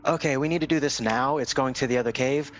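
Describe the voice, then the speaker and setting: A man playing a tabletop game casually, thinking aloud with hesitant pauses. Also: mid-range voice, lo-fi sound, faint music behind. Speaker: player.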